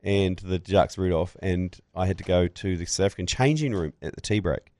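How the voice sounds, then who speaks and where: A man's voice: low voice, fairly quick, darkish tone, dry recording. NZ man, podcast co-host, rowdy anecdote-teller, dry close mic. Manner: swearing, laughing storyteller. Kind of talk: casual chat, storytelling.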